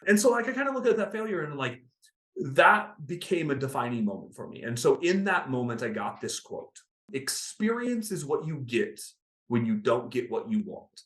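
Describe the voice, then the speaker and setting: A man in his thirties, a podcast guest telling his story in an interview, animated and acting out the people he quotes. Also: mid-range voice, normal speed. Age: 30s. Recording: roomy echo.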